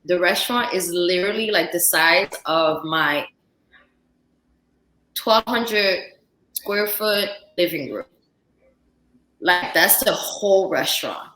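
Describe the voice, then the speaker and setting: A woman's voice: on the low side, slow, pauses often, slight background noise. A young woman from Central Africa, a chef and podcast guest, telling a story in casual chat and acting out the dialogue with lots of "like". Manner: animated storyteller, acts out dialogue, frequent "like". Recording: roomy, echoey podcast room.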